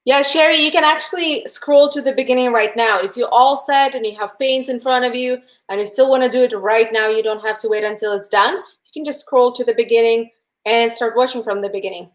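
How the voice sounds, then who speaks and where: A woman's voice: a little high, fairly quick. A young woman with a Russian accent, teaching a live painting lesson, chatty and friendly, who talks straight to her viewers and answers their chat. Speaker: painting instructor.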